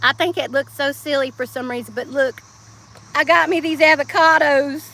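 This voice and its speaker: High-voiced Southern woman chatting outdoors. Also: steady tone, moderate pace, gravelly, bright, forceful tone, a little hiss or hum. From Georgia, US South. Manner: chatty, laughs often, sings snatches of songs. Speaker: livestreamer. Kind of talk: casual live-stream chat. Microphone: phone.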